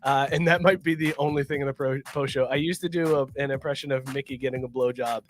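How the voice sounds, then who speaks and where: A man's voice: mid-range voice, fairly even intonation, quick pace. Rowdy male podcast host, faint hiss. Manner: teasing, rowdy. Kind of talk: casual beer podcast banter.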